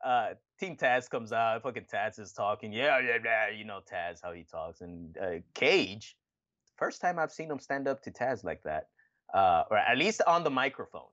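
A man co-hosting a casual podcast chat, swearing often and acting out quotes in squeaky put-on voices. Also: normal speed, lo-fi sound. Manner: profane, animated, acts out quotes with high squeaky voices. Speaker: podcast co-host.

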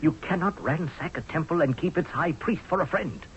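Radio drama: actor voicing hard-nosed sarcastic general, animated delivery, dull vintage broadcast sound. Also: male voice, a little high, normal speed, a little hiss or hum, lightly acted. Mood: scornful. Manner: sarcastic, forceful, pleading. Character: blunt scornful male Egyptian general. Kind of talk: 1970s radio drama acting.

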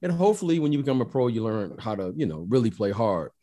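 A man's voice: mid-range voice, very animated, fast, mellow. A man in his fifties co-hosting a casual sports podcast, telling stories in an easygoing, reflective way. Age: 50s. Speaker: podcast co-host, former pro player.

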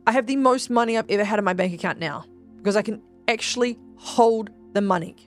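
A woman of middling pitch talks straight to her listeners in a casual, emphatic podcast monologue, dropping swear words as she coaches. Faint music plays softly underneath her voice. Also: quick pace. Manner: chatty and emphatic, swears freely, addresses listeners as guys. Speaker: podcast host and spiritual business coach.

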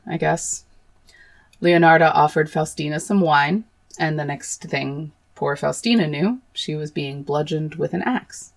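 A woman's voice: sits low, creaky. A woman hosting a true crime podcast, narrating the case and breaking off into blunt, swearing, horrified asides. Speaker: podcast host.

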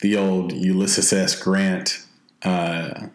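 A man hosting a casual interview, chatty and quick to laugh. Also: deep voice, little pitch movement. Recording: roomy echo.

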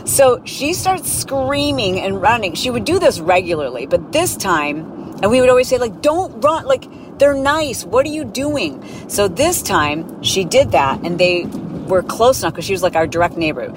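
A woman podcast host telling a story in a casual, animated way, acting out voices from it. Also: medium pitch, normal speed. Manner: animated, acts out voices in her stories. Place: in a car. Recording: clear road noise behind.

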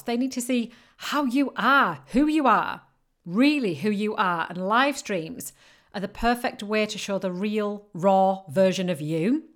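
A woman with a northern English accent, hosting a solo podcast as a business coach and speaking in an earnest, encouraging way. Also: medium pitch. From northern England. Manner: earnest, encouraging, acts out clients' excuses.

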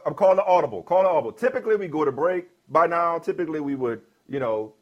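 A man's voice: on the high side, lively intonation, lo-fi sound. Playful sports radio host man. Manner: playful, teasing, quick interjections.

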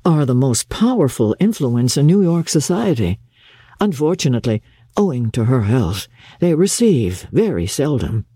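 A proud, slightly pompous young gentleman, read by a woman speaks with measured dignity, his lines set a little lower and firmer than the narration. The voice stays mellow and husky, recorded dry and close for a storybook reading. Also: very animated, dry recording, exaggerated voice.

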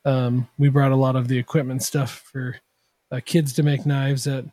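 A man's voice: mid-range voice, flat delivery, normal speed, mellow, dry recording. A man, a guest on a podcast who builds machine tools, talking in a rambling, self-deprecating way full of fillers. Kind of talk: casual podcast chat.

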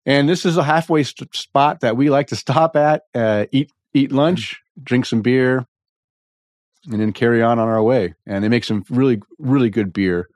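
Man, podcast host, slightly congested voice, relaxed chat, dry close sound. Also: medium pitch, moderate pace, dry recording. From US Pacific Northwest. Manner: relaxed, chatty, with restarts and throat clearing. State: congested with a slight frog in the throat. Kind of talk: casual chat.

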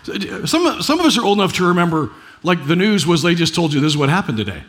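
A man's voice: high voice, very animated, fast. Chatty middle-aged male preacher. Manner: chatty, rhetorical asides, frequent restarts. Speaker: pastor. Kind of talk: conversational sermon.

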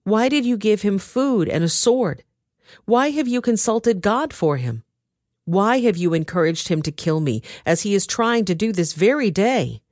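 A woman voicing a furious, suspicious king who shouts accusations at his officers, in a dramatized reading. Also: medium pitch, expressive, normal speed, hardly any pauses, no room sound, studio quality, voice pushed up. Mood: accusing.

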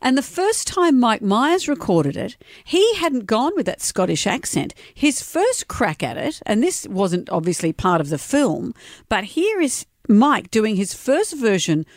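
A woman's voice: a little high, sing-song, a little slow, dry recording, clean studio sound. A woman hosting a radio chat show, telling stories and teasing her co-host. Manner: storytelling, teasing. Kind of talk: casual chat.

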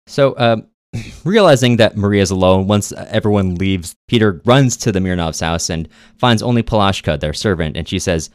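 A man's voice: deep voice, moderate pace, clear, resonant tone, no echo. A man co-hosting a podcast, casually retelling a novel's plot with wry, dry asides. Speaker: podcast co-host. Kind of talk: casual book recap.

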